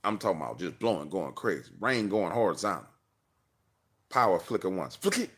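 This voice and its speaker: Host in his car spinning a yarn with lots of voices, lowish voice that jumps all over, slangy. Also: lively intonation, brisk. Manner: slangy, acts out dialogue, laughs often. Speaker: livestream host. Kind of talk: animated personal storytelling.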